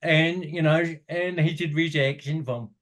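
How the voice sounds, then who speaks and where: A man's voice: on the high side, steady tone, normal speed, a bit bright. A man in a podcast conversation, a motivational speaker telling earnest stories and often quoting what others said to him.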